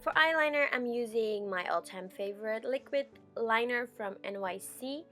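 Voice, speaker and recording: A young woman narrating a makeup tutorial as a voice-over, chatty and relaxed, with frequent ums. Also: a little high, normal speed, music in the background. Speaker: beauty vlogger.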